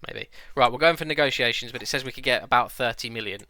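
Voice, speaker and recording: A young man talks through a football management game for his stream viewers, thinking aloud and now and then ranting at it. His voice is bright and forceful, and his pitch sits in the middle of the range for a man. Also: fast talker, no room sound, clean studio sound. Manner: chatty, talks to viewers, rants and exclaims. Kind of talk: casual gameplay commentary.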